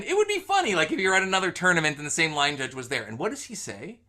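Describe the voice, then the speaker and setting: A man with a bright, forceful voice hosts a live online session. He tells stories in a loose, chatty way, with plenty of fillers. The sound comes through a video call mic. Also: a little high, fast talker. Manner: animated anecdote-telling with fillers. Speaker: host. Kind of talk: casual webinar storytelling.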